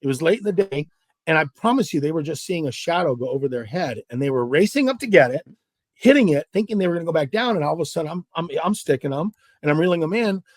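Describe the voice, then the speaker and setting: A man's voice: on the high side, fast, no echo, clean studio sound. A middle-aged man from Southern California, a guest angler telling fishing stories in a casual interview and acting out the dialogue. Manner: animated, acts out dialogue in stories.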